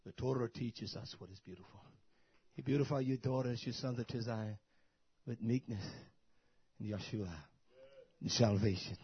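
A husky-voiced man preaching in a fiery sermon style, swinging between quiet, almost whispered asides and loud climbing shouts. The recording is dull and lo-fi, with a dry, close sound. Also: mid-range voice, normal speed, no room sound. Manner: preaching in bursts, rising to loud shouts and dropping to soft asides.

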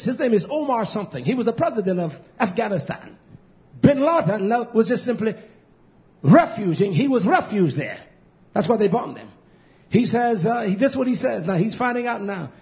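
A man preaching an impassioned sermon, swinging between low mutters and shouted outbursts, drawing out and repeating words for emphasis. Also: very animated, moderate pace. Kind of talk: fiery sermon. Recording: dull lo-fi recording.

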